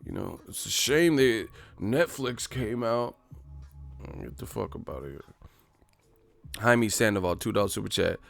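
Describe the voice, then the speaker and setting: Gravelly, low-voiced man joking on a live stream. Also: animated, unhurried, long pauses, soft background music. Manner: profane, joking, puts on voices for bits. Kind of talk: casual live-stream chat reading super chats.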